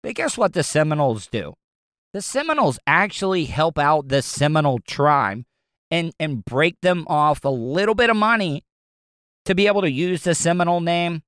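Southern talk radio host, male, somewhat high smooth voice, blunt and rambling, dry studio sound. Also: lively intonation, moderate pace, a bit bright, no room sound. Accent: Southern American. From American South. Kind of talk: opinionated talk radio monologue.

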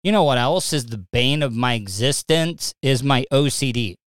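Clear-voiced man rambling on a live stream. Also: medium pitch, expressive, moderate pace, dry recording. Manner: rambling, stammering restarts, gets agitated. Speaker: live stream podcast host. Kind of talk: casual live-stream chat. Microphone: streaming setup mic.

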